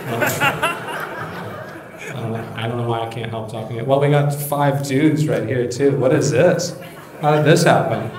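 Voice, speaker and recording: A man's voice: medium pitch, very animated, measured pace, long pauses. A male stand-up comedian doing crude, teasing crowd work, riffing off people in the audience. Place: live comedy venue. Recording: echoey room with crowd. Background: audience laughing.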